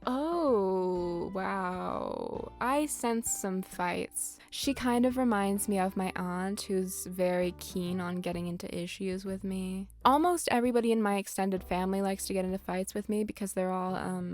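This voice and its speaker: A woman's voice: mid-range voice, a little slow, hardly any pauses, faint music behind. A woman doing casual, rambling gameplay commentary with sarcastic, dramatic asides. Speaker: gaming YouTuber.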